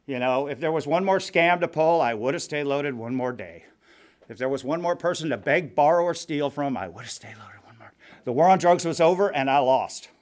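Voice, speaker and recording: A man's voice: a little high, fairly quick. A middle-aged man telling his recovery story to a meeting group in a blunt, profane, wry way. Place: meeting room.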